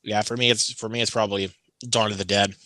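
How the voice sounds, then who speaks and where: A man co-hosting a casual chat, telling a story with animated delivery and acting out the people he quotes with big jumps in pitch. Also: fast talker, dry recording.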